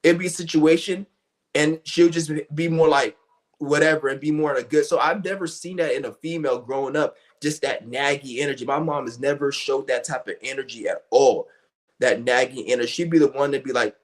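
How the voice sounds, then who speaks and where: A man's voice: mid-range voice, fairly even intonation, fairly quick. A young man talking in a blunt, profane, rambling rant, full of restarts and fillers. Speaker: streamer. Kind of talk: ranting monologue.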